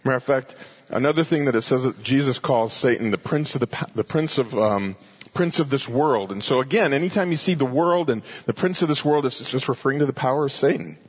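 A man preaching a sermon, teaching earnestly and rising to emphatic exhortation, with a husky voice. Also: mid-range voice, a little fast, dull audio.

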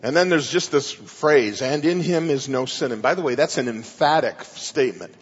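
Emphatic pastor in a reverberant hall. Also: male voice, mid-range voice, animated, moderate pace, husky. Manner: emphatic verse-by-verse Bible teaching. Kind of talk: sermon. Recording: muffled sound with long hall reverb.

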